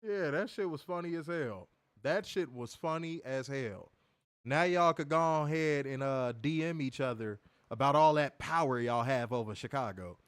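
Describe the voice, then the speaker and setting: A man's voice: a little high, moderate pace, clean tone, no echo, studio quality. A man hosting a wrestling review show, talking in casual, profane banter and telling stories with mocking impressions. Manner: animated, mocking, lively storytelling with impressions.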